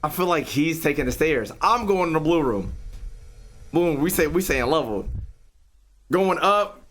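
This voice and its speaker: A man's voice: a little high, animated, unhurried, fairly bright tone. A young man streaming a live reaction. He talks to his chat with plenty of profanity and yelps when something startles him.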